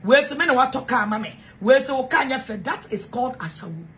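A woman's voice: high voice, lively intonation, a little fast, a bit bright. A Ghanaian woman with a Ghanaian accent, ranting to camera in a heated, repetitive way and mixing English with Twi. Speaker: self-styled preacher. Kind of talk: angry rant to camera.

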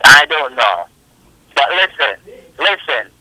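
A man on a recorded phone call who talks haltingly and keeps repeating himself to insist on his point. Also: medium pitch, very animated, pushed and bright, no echo. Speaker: phone scammer.

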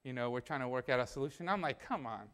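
A man's voice: medium pitch, animated, quick pace, fairly bright tone, clean tone. A young man preaching a sermon in a church, telling a personal story in a conversational way and acting out the dialogue.

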